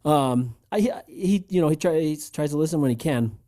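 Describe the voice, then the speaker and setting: Man, podcast co-host, casual chat, rambling, laughs often, warm dark tone. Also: fairly high pitch, lively intonation, a little fast.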